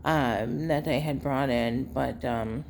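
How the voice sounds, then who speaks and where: A woman telling viewers a rambling family story in a casual, unhurried way with many fillers. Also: extremely low pitch, gravelly, a little mellow, slight background noise. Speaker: vlogger, caregiver daughter.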